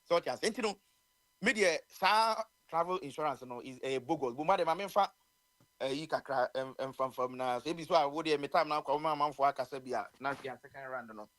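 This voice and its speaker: A man talking excitedly on a radio chat, mixing English and Twi. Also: on the high side, fast, dry recording.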